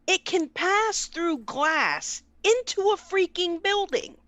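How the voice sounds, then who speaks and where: A woman co-hosting a live stream, chatting casually in an excitable, slangy way. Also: very high-pitched, slow. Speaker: co-host.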